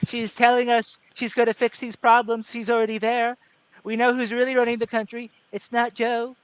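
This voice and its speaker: A man doing an impression of a blustering older male politician, slow and emphatic, in a casual chat. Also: extremely high pitch, completely flat delivery, a bit bright, clean tone, no echo, pitched above the performer's own voice. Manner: slow, drawn-out, emphatic delivery.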